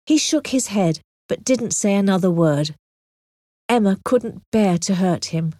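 A woman narrates a story as an audiobook, clear and expressive. Her pitch moves widely through each sentence. The sound is close and dry. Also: a little slow, no room sound.

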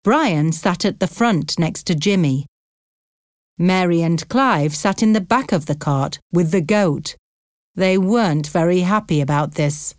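Slow, clear woman audiobook narrator. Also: fairly low pitch, no room sound, studio quality. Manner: slow, clear, carefully paced reading. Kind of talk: scripted narration of a graded reader.

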